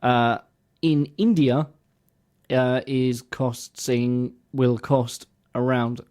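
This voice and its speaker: A man's voice: medium pitch, steady tone, extremely slow, darkish tone. Chatty man co-hosting a podcast. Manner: chatty, explains things at length. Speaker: podcast co-host. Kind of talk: casual podcast chat.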